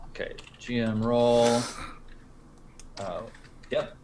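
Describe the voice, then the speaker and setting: A man's voice: medium pitch, level tone, very slow, darkish tone, slight background noise. A man narrating a tabletop role-playing game as game master, casual and hesitant with lots of fillers.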